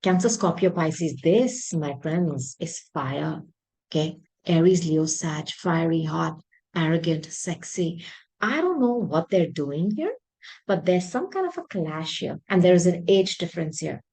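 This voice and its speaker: A woman with a low, husky voice gives a tarot reading to her viewers. She speaks emphatically and by intuition, doubling words for stress and clearing her throat now and then. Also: expressive, unhurried, a little mellow, poor audio. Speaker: tarot reader.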